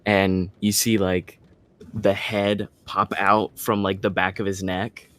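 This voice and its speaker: Deep voiced guy playing a tabletop game, slow and chill, lots of likes. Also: level tone. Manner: laid-back, describing actions with fillers. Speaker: player. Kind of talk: casual tabletop game play.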